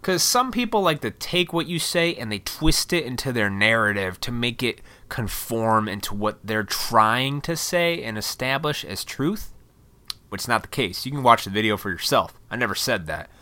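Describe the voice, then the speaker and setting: A man's voice: mid-range voice, big pitch swings, normal speed, sharp tone. A man venting his opinions in a blunt, profane, rambling vlog rant. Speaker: vlogger.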